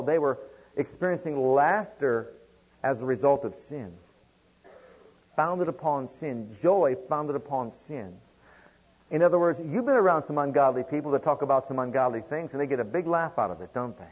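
Male preacher, husky voice, dynamic delivery, repeats lines for emphasis, muffled recording. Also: on the high side. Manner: dynamic preaching, swings from quiet to loud, repeats phrases. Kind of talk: sermon.

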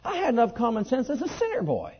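A man preaching a sermon and telling his own testimony, leaping from high excited outbursts to low quiet asides. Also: quick pace, husky. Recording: dull lo-fi sermon recording.

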